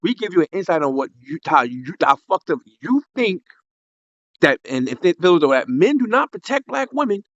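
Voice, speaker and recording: A man's voice: a little high, sing-song, moderate pace, fairly bright tone, no echo. A man hosting an online talk room, worked up and swearing, stumbling through restarts as he makes his point. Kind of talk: heated opinion talk. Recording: dry, dull lo-fi online audio.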